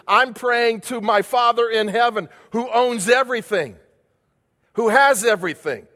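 A man's voice: very high voice, measured pace, pushed and bright, in a large hall. A male pastor delivering a sermon, building emphasis with repeated phrases and questions to the congregation.

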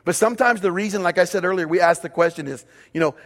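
A man's voice: fairly high pitch, fast talker, few pauses, fairly bright tone. A man preaching a sermon as pastor, speaking emphatically and repeating key phrases for his congregation. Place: church auditorium. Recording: long reverb of a large hall.

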